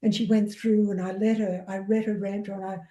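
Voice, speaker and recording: A woman from Australia with a mellow, warm tone, telling stories in a lively way and acting out each quote. Her voice rings out in an echoey room. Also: medium pitch, moderate pace, lo-fi sound. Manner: animated storyteller who acts out quotes. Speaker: energy healer, guest. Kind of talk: casual conversation.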